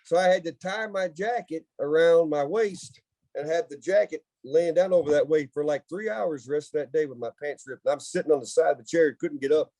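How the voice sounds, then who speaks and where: A man from the United States with a somewhat high, mellow voice, telling family stories on a podcast. He keeps laughing his way through the tale. The sound is dry and close. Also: brisk, no echo. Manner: laughing, animated storyteller. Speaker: podcast co-host. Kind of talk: casual storytelling chat.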